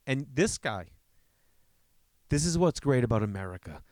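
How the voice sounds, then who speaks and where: There's no room sound as a man talks at normal speed, hosting a podcast. He's animated and profane, rambling through comedic stories and voicing other people's lines in a higher pitch.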